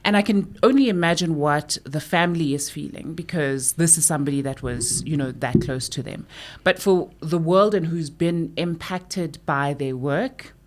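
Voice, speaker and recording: Woman, low voice, animated chat. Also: normal speed, hardly any pauses. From South Africa. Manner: animated storyteller, acts out quotes. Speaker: podcast co-host. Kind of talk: casual chat.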